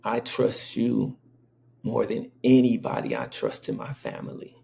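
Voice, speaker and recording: A man's voice: fairly low pitch, sing-song, measured pace, vocal fry, dark tone, voice pushed up, exaggerated voice. A man voicing a wary, tough young man who bluntly questions a stranger in a spoken anecdote. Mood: earnest.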